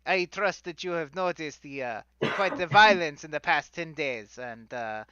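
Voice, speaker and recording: A man's voice: a little high, moderate pace, dull audio, crowd noise, close to an everyday voice. A man voicing a flustered, self-important male wizard and celebrity author who stammers through flowery speech. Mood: fussy.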